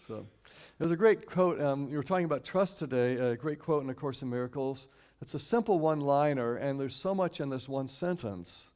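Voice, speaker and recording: A man from Houston speaking to a church congregation in a conversational sermon, repeating key lines slowly and inviting the audience to join in. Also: medium pitch, expressive, a little mellow. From Houston, Texas. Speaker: guest speaker and singer at a church service. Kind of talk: inspirational sermon talk. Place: church sanctuary, live stream.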